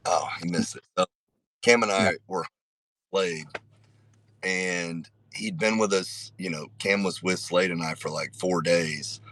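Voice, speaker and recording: A middle-aged man telling a story in a blunt, unhurried way with frequent profanity, on a podcast. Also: low-pitched, fairly even intonation, a bit bright. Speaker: podcast host. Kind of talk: casual storytelling.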